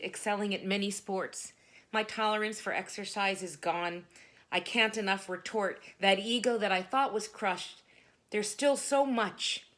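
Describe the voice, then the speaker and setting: Woman performing dramatic spoken word. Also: medium pitch. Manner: dramatic, emphatic, with sudden loud bursts.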